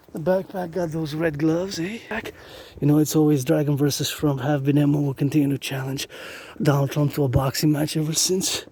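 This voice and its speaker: A man walking outdoors through residential streets, rambling excitedly and chatting to the decorations he films on his phone. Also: fairly high pitch, slightly rough. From Canada. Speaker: vlogger. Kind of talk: casual walking vlog.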